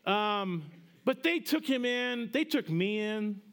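A middle-aged man preaching a sermon as pastor, conversational and animated, building to emphatic peaks. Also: sits high, takes it slowly, creaky, smooth.

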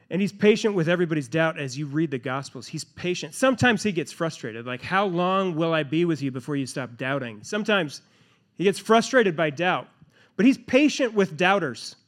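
A man's voice: on the high side, fairly bright tone. A man preaching a sermon, asking rhetorical questions and repeating key phrases for emphasis. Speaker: pastor.

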